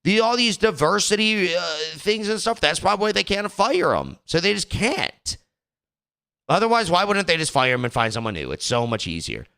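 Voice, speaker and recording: A man's voice: high voice, big pitch swings, normal speed, vocal fry, sharp tone, smooth. A young man hosting a podcast in casual talk, rambling and exasperated, slipping into mocking voices. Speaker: podcast host.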